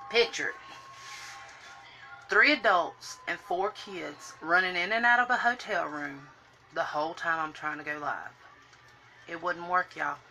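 A woman's voice: fairly low pitch, bright, forceful tone, a little hiss or hum. A woman, chatting on a live stream while doing her makeup and greeting viewers by name in a sing-song lilt. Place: home room, indoors.

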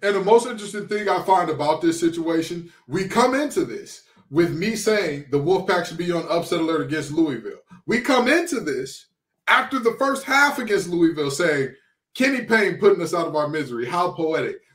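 Animated high-voiced man, sports podcast. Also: moderate pace, echoey room. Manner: animated, preacher-like exhortations, playful trash talk. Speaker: podcast co-host, former college football player. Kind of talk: excited sports podcast talk.

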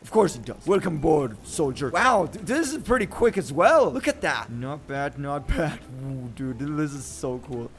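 Young man, gameplay commentary, hoarse voice, fairly high pitch, boastful, excitable, casual. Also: normal speed, few pauses. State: hoarse from screaming. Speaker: gaming video host. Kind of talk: casual let's-play commentary.

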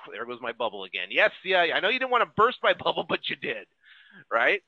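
A man from the United States, a real estate investing coach, telling his own story in an animated motivational pitch and acting out his past fears. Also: normal speed, dry recording, lo-fi sound.

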